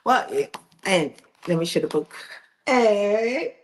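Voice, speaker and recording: A middle-aged woman shares a personal story in an interview, her voice a little low. She talks with feeling, laughing often and going back over her words as she goes. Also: animated, moderate pace. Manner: emotional, tearful at times, laughing, repeats herself. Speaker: author and magazine editor.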